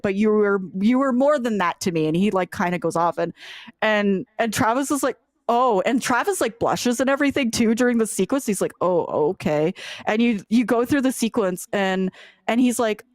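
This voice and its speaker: A woman's voice: fairly high pitch, no room sound, studio quality. A woman co-hosting a casual game review chat, animatedly retelling scenes and acting out characters' lines, swearing now and then. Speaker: podcast co-host.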